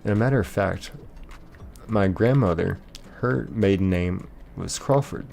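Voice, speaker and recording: A man's voice: low voice, measured pace, creaky, darkish tone, slight background noise. An American man hosting a livestream, reading out viewer comments and answering them in a rambling, casual way with many fillers. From United States. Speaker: livestream host.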